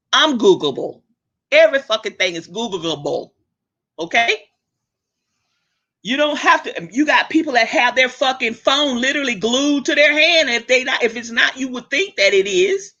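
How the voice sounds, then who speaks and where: A woman hosting her own show, ranting bluntly and swearing freely, with sharp swings up and down in pitch. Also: lively intonation, normal speed, long pauses. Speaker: host. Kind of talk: profane ranting monologue. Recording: dull lo-fi recording.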